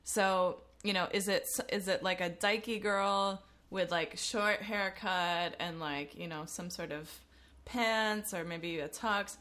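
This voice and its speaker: A woman's voice: medium pitch, fairly even intonation, slow pace, fairly bright tone. A woman co-hosting a casual talk show who argues her point with many "you know"s and laughs easily. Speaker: podcast co-host. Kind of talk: casual chat.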